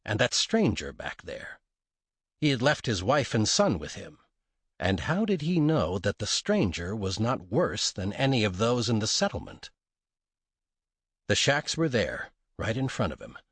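Brief: male audiobook narrator, husky, lively intonation, dry close recording. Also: lowish voice, unhurried, no room sound. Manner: expressive, dramatic reading. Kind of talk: scripted narration of a western novel.

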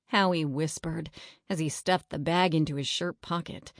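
A woman narrating a children's chapter book in a measured storytelling manner. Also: deep voice, no room sound, studio quality. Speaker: audiobook narrator. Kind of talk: scripted children's audiobook narration.

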